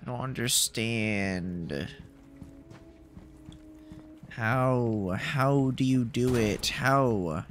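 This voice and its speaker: A man's voice: medium pitch, very slow, long pauses, faint music behind. A man streaming a video game, chatting in jokey mock panic and talking to the game characters. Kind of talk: live gameplay commentary.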